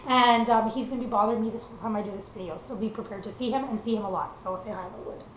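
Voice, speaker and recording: A woman's voice: on the high side, very fast. A young woman from Canada, a country singer, giving an earnest, casual motivational talk with lots of fillers. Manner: earnest, conversational, many fillers. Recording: echoey room with faint noise.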